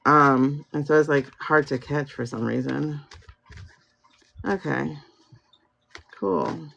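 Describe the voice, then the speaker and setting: A woman's voice: deep voice, steady tone, slow, vocal fry, fairly bright tone, a little hiss or hum. A woman hosting a live tarot reading, talking casually and thinking aloud in slangy speech. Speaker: tarot reader and livestream host. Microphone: phone. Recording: dull lo-fi livestream audio.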